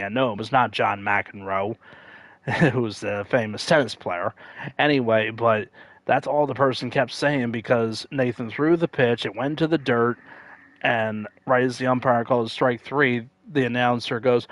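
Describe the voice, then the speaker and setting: A man casually chatting on a game livestream, rambling with lots of fillers and self-corrections, now and then acting out loud excited announcers. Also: moderate pace, dry recording. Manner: acts out quoted announcers with sudden loud high outbursts. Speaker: livestream gamer.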